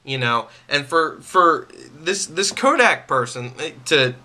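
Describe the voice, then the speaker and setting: Bright-voiced angry man venting. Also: fairly high pitch, animated, slow pace. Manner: irritated, repetitive, stammering restarts. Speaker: vlogger. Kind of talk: venting straight to camera.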